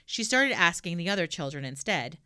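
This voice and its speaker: A woman reading a children's storybook aloud with an expressive delivery. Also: on the low side, a little fast, smooth.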